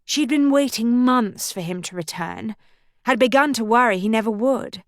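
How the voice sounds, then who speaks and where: A woman narrating an audiobook in measured, even storytelling, recorded on a studio microphone. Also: on the high side, dry recording. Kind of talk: scripted narration.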